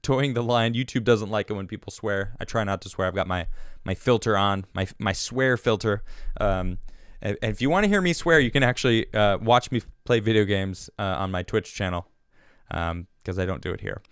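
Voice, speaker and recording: A man's voice: on the low side, moderate pace, a bit bright, clear, resonant tone, no room sound, clean studio sound. A man hosting his own show, giving an indignant, rambling political monologue full of restarts. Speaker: show host.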